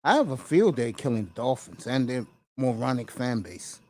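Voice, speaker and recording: A man hosting a sports livestream, briskly giving live score updates and casual banter. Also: mid-range voice, animated, a little mellow, a little hiss or hum. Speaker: host.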